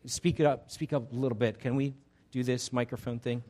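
A man as pastor giving an interactive sermon, energetic and chatty with frequent restarts. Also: mid-range voice, fairly quick.

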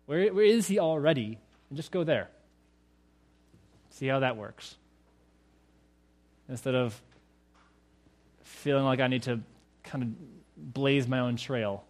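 A male pastor delivers a sermon in a relaxed, conversational way. He keeps putting rhetorical questions to the congregation. His voice is mid-range and ordinary in pitch. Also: slow, long pauses.

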